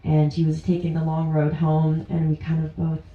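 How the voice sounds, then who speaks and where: A woman's voice: deep voice, monotone, normal speed, lo-fi sound. Laughing woman telling a story live. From Ontario, Canada. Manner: chatty, often laughing through her words. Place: indoor stage at a small live venue. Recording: roomy, distant live-venue sound.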